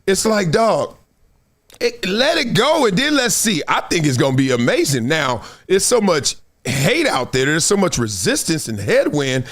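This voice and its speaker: A sports podcast host, a man with a fairly high voice, chats about sports at a moderate pace. His delivery is animated and emphatic, with wide pitch swings as he presses his points, quotes he acts out, and plenty of laughter.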